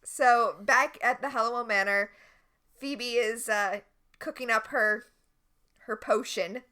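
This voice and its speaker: A woman's voice: on the high side, steady tone, pushed and bright. A woman co-hosting a podcast, recapping a TV episode in casual chat with wry, critical asides. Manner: chatty, wry and quick to critique. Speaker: podcast co-host.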